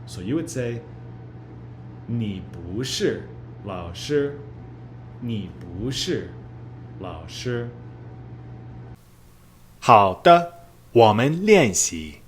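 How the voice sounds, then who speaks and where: A man teaches a recorded lesson in an unhurried way, and his pitch rises and falls a lot. He says each phrase slowly and repeats it for learners. His voice rings in an echoey room with a faint hiss behind it. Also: big pitch swings. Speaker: language teacher. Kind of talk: recorded pre-class lesson. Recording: roomy echo.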